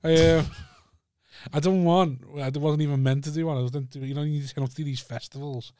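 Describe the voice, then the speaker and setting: A man's voice: fairly high pitch, fairly even intonation, brisk, a little mellow, clear, resonant tone, no echo, clean studio sound. A man hosting a podcast in casual chat, blunt and sweary, putting questions to his guests. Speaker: podcast host.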